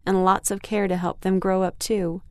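A woman voicing a caring mother of two in a storybook reading, softer and lower than her narration. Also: flat delivery, moderate pace, no echo, clean studio sound, natural voice. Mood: gentle.

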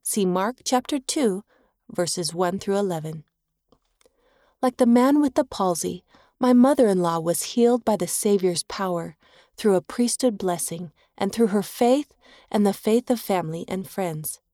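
A woman narrates a devotional story in a calm, measured reading voice. Her tone is soft and mellow, and the sound is close and dry. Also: medium pitch, no echo. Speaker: reader.

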